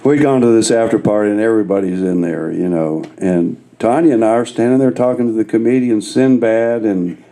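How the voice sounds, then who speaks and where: A man, a guest guitarist, telling laid-back, self-mocking stories on stage with a gravelly voice. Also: fairly low pitch, fairly quick, mellow. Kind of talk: live storytelling on stage.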